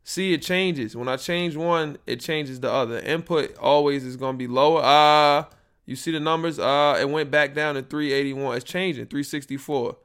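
A man's voice: fairly high pitch, steady tone, moderate pace, a bit bright, clear, resonant tone. A young man hosting a casual podcast, rambling and slangy as he fiddles with his sound settings on a built-in computer microphone. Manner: rambling, troubleshooting audio live, slangy. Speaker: podcast host. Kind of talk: casual solo podcast chat.

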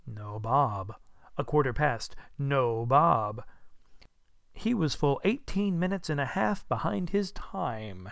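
A man reads a classic tale aloud with an expressive storyteller's lilt. His mid-pitched voice has a gravelly grain. The recording is close and dry. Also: takes it slowly, no echo. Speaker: audiobook narrator. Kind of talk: scripted narration.

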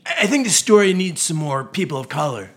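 A man's voice: a little high, big pitch swings, a little fast. An actor playing a dim-witted young male student slacker who talks in a dopey, rambling way.

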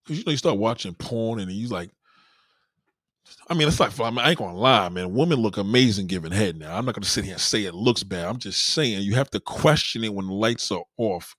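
Male podcast host, husky voice, lively swinging pitch, profane comedic monologue. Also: brisk, dry recording, studio quality. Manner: crude, profane, animated storytelling.

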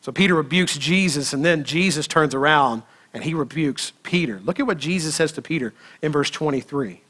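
Guy preaching a sermon, bright kinda high voice, keeps asking the crowd questions. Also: a little fast. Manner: animated, rhetorical questions, dramatic quoted dialogue. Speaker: pastor.

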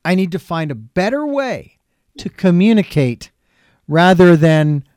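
A man's voice: high-pitched, very animated, measured pace, a little mellow, no echo, studio quality. A man hosting a talk show, speaking in a folksy, reflective way with fillers and restarts. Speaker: radio show host. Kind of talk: casual talk show conversation.

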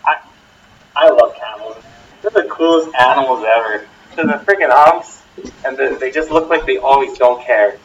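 A man chatting casually, rambling with halting restarts and eager enthusiasm. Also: mid-range voice, husky, muffled recording. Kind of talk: casual chat. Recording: distant mic with faint noise.

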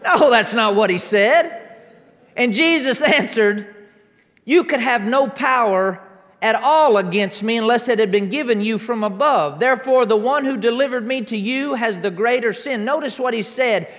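High-voiced preacher in a reverberant hall. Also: male voice, normal speed. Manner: emphatic, building repeated declarations up to shouts. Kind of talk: sermon. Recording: long reverb of a large hall.

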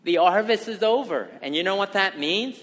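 A man delivers a sermon in a slightly high, bright voice. He is earnest and emphatic, often throwing rhetorical questions at his listeners. The sound carries a long reverb, as if in a large hall. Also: expressive, normal speed. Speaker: pastor.

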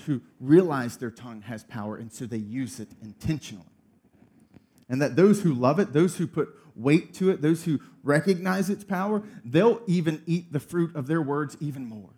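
A man in his thirties preaching a sermon, telling a funny family story with lively energy. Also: fairly high pitch, slightly rough. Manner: storytelling, animated, laughing through funny story. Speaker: pastor.

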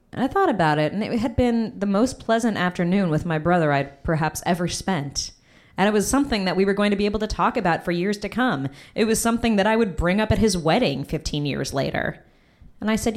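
A young woman telling a personal story on stage, lively and jumping high in pitch when quoting people. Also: a little fast.

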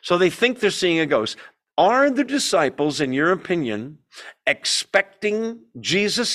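A man's voice: fairly high pitch, big pitch swings, measured pace, a bit bright. A man teaching a Bible study in a conversational way, asking the group questions and telling the story with energy.

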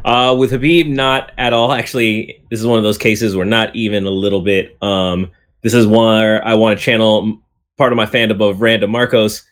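A man's voice: fairly low pitch, steady tone, normal speed, fairly bright tone. A man co-hosting a sports podcast, rambling through his pick with dry jokes. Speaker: podcast co-host. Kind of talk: casual sports chat.

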